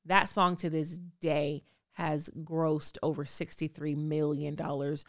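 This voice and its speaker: A woman in her thirties hosting a podcast, telling a story in an animated, breathless way. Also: low-pitched, slow pace, no echo, studio quality. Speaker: podcast host.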